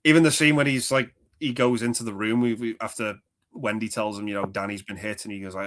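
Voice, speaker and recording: A man's voice: lowish voice, fairly even intonation, quick pace, a bit bright. Rambling man chatting about films. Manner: rambling, quotes film lines, laughs often. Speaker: podcast co-host. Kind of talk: casual film chat.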